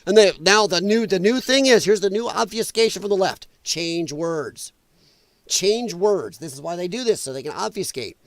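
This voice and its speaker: A man's voice: high voice, lively intonation, normal speed, dry recording. A man hosting a podcast, delivering a heated, profane political rant in an emphatic, exasperated way. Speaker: podcast host.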